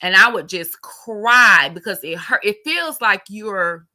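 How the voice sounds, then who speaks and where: A woman's voice: mid-range voice, animated, slow pace, sharp tone. A woman co-hosting a podcast in a casual chat, talking freely with many fillers. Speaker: podcast co-host.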